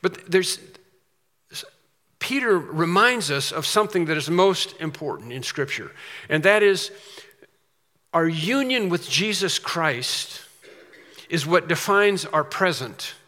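A male pastor preaching with a bright, forceful voice pitched a little high. He drives his points home with rhetorical questions and repetition. The sound rings with long reverb, as in a church sanctuary. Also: sing-song, takes it slowly, long pauses. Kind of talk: sermon. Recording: long reverb of a large hall.

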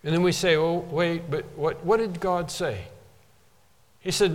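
Preacher guy, kinda high voice, keeps repeating lines for punch, big reverby hall. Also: fairly even intonation, unhurried. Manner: emphatic, repeats phrases for stress. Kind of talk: sermon.

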